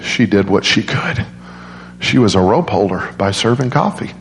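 Energetic male preacher in echoey church. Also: normal speed, a little hiss or hum. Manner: animated, jumps into high voices for quoted grandmas. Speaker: guest preacher. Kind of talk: storytelling sermon. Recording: roomy church echo.

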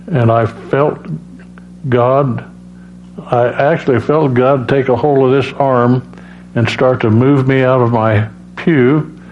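A man giving a personal testimony as a preacher, halting, with many restarts and fillers. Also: mid-range voice. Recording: dull lo-fi sound with faint hum.

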